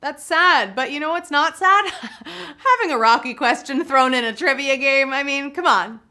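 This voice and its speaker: A woman's voice: high-pitched, normal speed, bright, forceful tone. A woman hosting a live trivia game, chatty and bubbly, laughing often. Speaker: trivia game show host.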